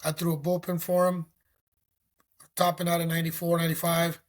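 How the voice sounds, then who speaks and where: A middle-aged man from Mexico, a former pro pitcher, telling stories in a casual interview, animated and acting out phone calls. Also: a little fast. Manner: animated, acts out phone calls, says "you know" often.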